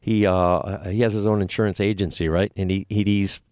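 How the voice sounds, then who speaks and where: A man, an actor, telling stories in a lively, animated way during a casual interview. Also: brisk, no room sound, clean studio sound. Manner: lively, animated storyteller with laughs and big pitch jumps. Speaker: guest, actor and former flight attendant. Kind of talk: casual storytelling.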